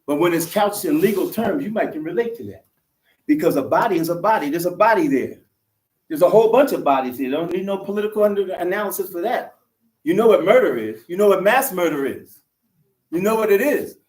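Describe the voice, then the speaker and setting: An older man delivers a fiery, preacher-style speech to a conference crowd. His voice sits high for a man, and the room around him rings with echo. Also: fast talker, a little mellow, distant mic. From United States. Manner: fiery, preacherly, addresses crowd as sisters and brothers. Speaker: conference speaker, activist.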